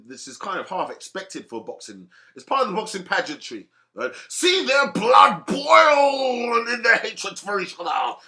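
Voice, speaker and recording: A man's voice: a little high, sharp tone. A man ranting alone to camera, sarcastic and heated, with many restarts and fillers. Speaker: vlogger commenting on boxing. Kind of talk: rambling solo rant to camera.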